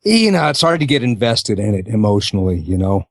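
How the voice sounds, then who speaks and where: A middle-aged man from Pittsburgh, a podcast guest chatting casually with wry, deadpan humor. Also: on the low side, fairly quick, no echo, studio quality.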